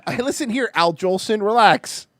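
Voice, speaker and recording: Lively, swearing podcast host. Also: medium pitch, a little slow. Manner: animated, rambling, laughs a lot, swings loud and soft. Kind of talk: casual commentary on a clip, with swearing.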